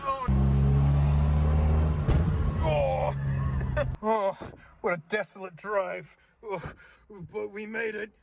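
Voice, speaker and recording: An excitable Australian man chatting on the spot while vlogging, calling everyone mate. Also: high voice, slow, creaky, long pauses, music in the background. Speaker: video host.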